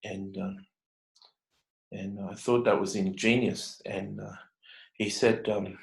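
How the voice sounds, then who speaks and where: Aussie guy vlogging, deepish gravelly voice, halting and earnest, keeps restarting. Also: little pitch movement, low-quality recording. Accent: Australian. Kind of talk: personal storytelling.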